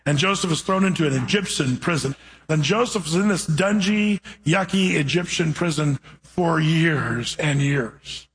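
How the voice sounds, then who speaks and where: High-pitched guy preaching, reads scripture then retells it all animated and jokey. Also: unhurried, poor audio. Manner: animated storytelling with playful asides. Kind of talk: sermon with scripture reading and retelling.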